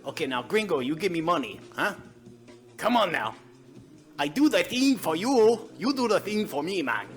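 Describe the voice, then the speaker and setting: A man's voice: high-pitched, very animated, moderate pace, faint music behind. A man voicing a boastful male thug caller, leaving a prank voicemail and ending phrases with "man". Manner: boastful, repeats "man" after every phrase. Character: swaggering male thug caller with a fake Mexican accent.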